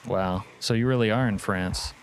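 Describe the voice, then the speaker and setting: A man's voice: on the low side, moderate pace, slight background noise. A man live-streaming a zombie game, joking, cursing and reading chat aloud. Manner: profane, jokey, reads chat aloud. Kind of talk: casual live-stream commentary.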